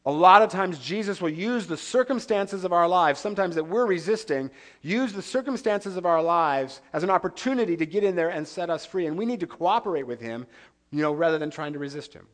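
A man's voice: high-pitched, expressive, brisk, a bit bright. A man preaching a sermon as pastor, earnest and conversational, with rhetorical questions to the congregation.

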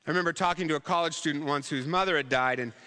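A man's voice: a little high, very fast, sharp tone, in a large hall. A man preaching a sermon in a church, conversational and humorous, acting out quotes along the way. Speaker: pastor.

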